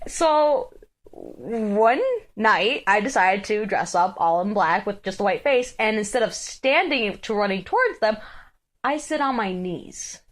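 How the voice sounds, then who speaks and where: A young woman co-hosting a podcast, telling a story in a casual, animated way, swearing and acting out what people said. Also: mid-range voice, unhurried, rough recording. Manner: animated, acts out quoted voices, swears. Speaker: podcast co-host.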